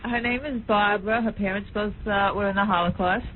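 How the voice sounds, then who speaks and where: A woman's voice: medium pitch, steady tone, brisk, a little hiss or hum. A woman, a film director guest on a radio show, speaking hesitantly and searching for words. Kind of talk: radio interview. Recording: phone-like radio broadcast.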